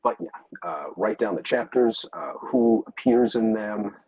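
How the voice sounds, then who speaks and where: A man with a very low, husky voice talks casually about his work as an audiobook narrator. He often stops to restart his sentences and fills the pauses with "um" and "uh". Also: lo-fi sound. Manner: halting, many fillers and restarts. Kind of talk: casual interview answers.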